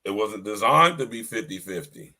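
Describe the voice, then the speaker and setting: A man's voice: lowish voice, expressive, moderate pace, bright, forceful tone. A man hosting a livestreamed podcast, lecturing his listeners in a preachy, repetitive way and talking straight to them. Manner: preachy, repeats himself, addresses listeners directly. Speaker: podcast host. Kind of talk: livestream commentary.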